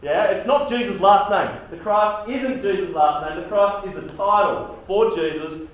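A man giving a sermon to young people, animated and casual, repeating himself and acting out quotes. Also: sits high, moderate pace. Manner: animated, repetitive, casual slang, acts out quotes. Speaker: youth preacher. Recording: very echoey hall, dull sound.

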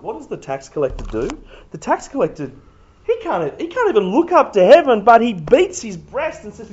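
A man's voice: sits high, sing-song, a little fast, darkish tone. A man preaching a sermon in an emphatic, conversational way. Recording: echoey, dull room recording.

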